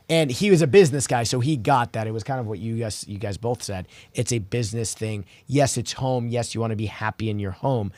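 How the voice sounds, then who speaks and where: A man's voice: medium pitch, brisk, few pauses, darkish tone, no echo. A man who works as a realtor, talking casually on a podcast and telling anecdotes, with frequent restarts. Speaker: realtor guest.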